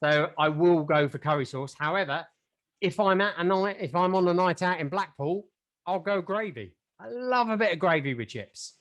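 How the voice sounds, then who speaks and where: A man's voice: sits high, lively intonation, normal speed, a bit bright. A man from England co-hosting a podcast in casual chat, rambling and jokey, often poking fun at himself. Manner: rambling, self-mocking, jokey. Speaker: podcast co-host.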